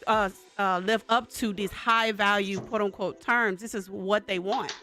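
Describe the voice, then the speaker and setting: A woman's voice: mid-range voice, fairly even intonation, unhurried, pushed and bright, soft background music. A woman with a Southern US accent in a casual group chat, making her points earnestly, with a few restarts.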